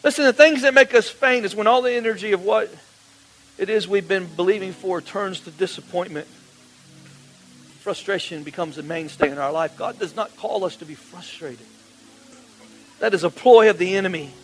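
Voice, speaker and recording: A male pastor preaching a sermon, calling on the congregation to answer back and building to loud, emphatic peaks. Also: high voice, normal speed, soft background music, rough recording. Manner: call-and-response preaching, rising to shouts.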